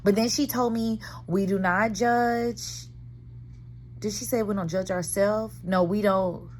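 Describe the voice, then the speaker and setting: A woman's voice: mid-range voice, steady tone, a little slow, a little hiss or hum. A woman in her thirties talking candidly and dramatically to viewers about therapy, full of slang, recorded in her car. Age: 30s. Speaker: vlogger. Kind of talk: casual chat.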